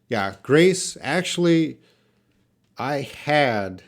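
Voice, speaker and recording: A man teaching English pronunciation in a live online class, drawing out words slowly and answering questions from the chat. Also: on the low side, darkish tone. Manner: slow, drawn-out word repetition for learners.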